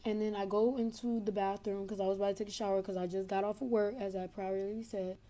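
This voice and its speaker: A woman's voice: mid-range voice, level tone, fast talker, dark tone. A young adult woman caller telling a long story in casual, rambling talk over a phone connection, filling gaps with "blah, blah".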